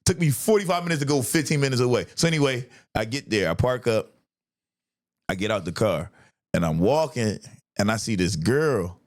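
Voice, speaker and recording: A young man hosting a casual chat, telling a story animatedly and jumping high to act out his friends. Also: normal speed. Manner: animated, acts out friends' voices in a high pitch. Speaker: podcast host.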